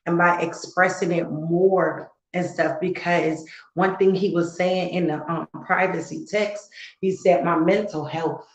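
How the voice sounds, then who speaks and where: A woman's voice: fairly low pitch, fairly even intonation, measured pace, roomy sound, low-quality recording. A woman co-hosting a casual heart-to-heart talk as a mother, earnest and growing fervent and preachy, repeating words for emphasis. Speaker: co-host, mother.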